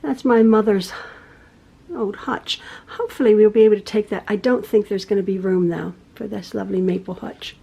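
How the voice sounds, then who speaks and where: A middle-aged woman who hosts a quilting channel, chatting casually and rambling through her home with soft sighs and laughs. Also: mid-range voice, steady tone, a little fast, gravelly, breathy edge. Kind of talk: casual vlog chat. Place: home, indoors.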